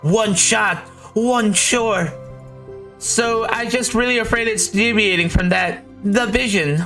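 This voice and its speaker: A man voicing an earnest teenage girl who leads a literature club, in a soft falsetto. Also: slow pace, faint music behind, heavily acted. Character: poised teen girl, literature club president.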